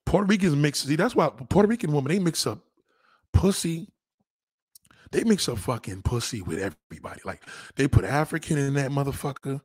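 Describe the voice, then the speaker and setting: A brash, profane man holds forth on a livestream, his pitch leaping around as he rants. His voice is slightly husky and sits dry and close to the mic. He keeps sliding into mocking voices. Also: expressive, brisk, no room sound. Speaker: livestream host. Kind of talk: crude comedic rant to a livestream chat.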